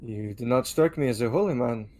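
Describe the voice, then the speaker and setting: A man's voice: mid-range voice, a little fast, mellow, close to an everyday voice. A man voicing a stern female Viking paladin warrior, speaking bluntly and matter-of-factly in a tabletop game. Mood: wary.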